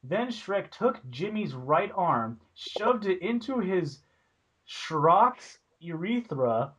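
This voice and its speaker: A man's voice: high-pitched, very animated, takes it slowly, fairly bright tone. A young man co-hosting a casual podcast over a voice call, reading crude internet stories aloud and breaking into giggles. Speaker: podcast co-host.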